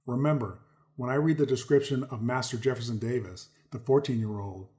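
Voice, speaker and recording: A man's voice: medium pitch, a little fast, dark tone. A man hosting a commentary video, reading articles aloud and stressing key words, often speaking to viewers as folks. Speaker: host.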